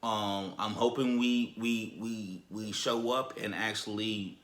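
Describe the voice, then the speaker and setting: A man ranting casually as a sports fan on his vlog, animated and emphatic, often repeating words as he restarts. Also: on the low side, slow pace.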